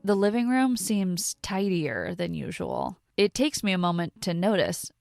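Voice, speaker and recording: Gravelly woman reading a story. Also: fairly low pitch, a little slow, soft background music. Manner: steady, intimate present-tense narration. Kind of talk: first-person story reading.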